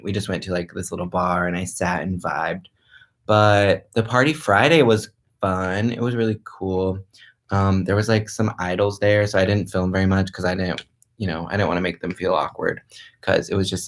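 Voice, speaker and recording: A young man talks casually on a live stream. His voice sits a bit low, and his talk is loose, with lots of "like" and restarts. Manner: loose and chatty, full of "like" and restarts. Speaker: livestreaming vlogger. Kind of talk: casual live-stream chat reading comments. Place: a friend's house, indoors.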